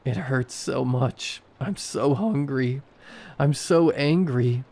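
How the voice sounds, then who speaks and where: A man voicing a hungry undead girl who rasps in a wet, whiny, pleading voice in a horror story. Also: medium pitch, slow, darkish tone. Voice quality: wet rasping voice. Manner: whiny and pleading, turning to shrieks.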